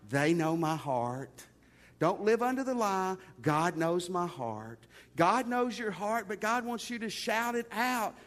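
Guy preaching in church, kinda high voice, chatty sermon style, long echo off the hall. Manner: conversational preaching, addressing listeners as folks. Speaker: pastor.

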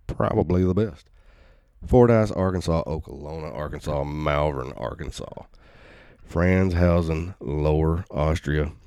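A man hosting a podcast, reading out listener shoutouts in a laid-back, rambling, self-deprecating way. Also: rumbling low, unhurried, creaky, clear, resonant tone, dry recording, studio quality. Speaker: podcast host. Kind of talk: casual solo shoutout monologue. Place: at home.

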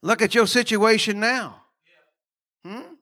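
A man's voice: high voice, fairly even intonation, takes it slowly, bright, forceful tone. A man preaching a sermon in a folksy, conversational way, with laughing asides and questions put to the congregation.

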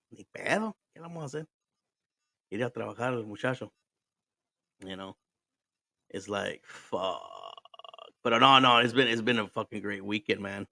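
A man's voice: medium pitch, gravelly, pushed and bright, dry recording. A man, hosting a podcast and telling a story in casual chat, laughing and swearing as he switches between English and Spanish. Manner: drinking while talking. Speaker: podcast host.

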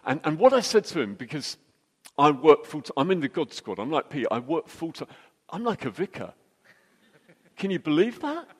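A middle-aged man telling a jokey, anecdotal story as a church speaker, with quick restarts. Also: on the high side, breathy edge. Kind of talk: storytelling sermon. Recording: long hall reverb.

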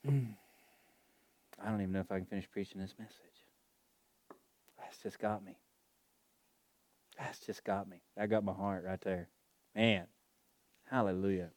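A man preaching a sermon in a fervent, emotional, drawn-out way. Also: low voice, fairly even intonation, no echo.

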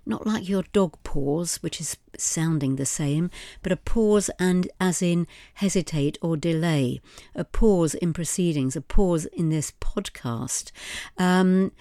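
Woman, middle-aged, low-pitched teacher voice, patient word-by-word podcast lesson, dry close mic. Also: no room sound. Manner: steady, explanatory, repeats words slowly, spells letters. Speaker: podcast host, English teacher. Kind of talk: vocabulary lesson, spelling out words.

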